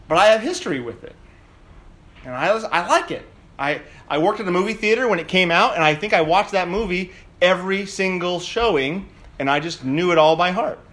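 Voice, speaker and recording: A middle-aged man preaching a sermon as pastor, telling a story in a lively, dramatic way. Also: on the high side.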